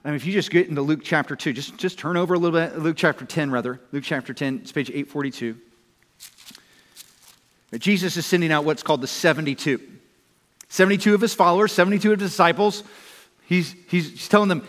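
A middle-aged man preaching a sermon as pastor, emphatic and repetitive, building to loud urgent exhortation. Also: high-pitched, brisk. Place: church sanctuary. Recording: long hall reverb.

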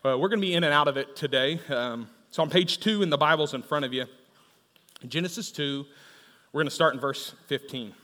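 A man's voice: a little high, a little fast, bright, forceful tone. A man preaching a sermon in a church, talking conversationally, tossing in frequent "right?" asides and telling humorous stories. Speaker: pastor. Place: church auditorium. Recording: long reverb of a large hall.

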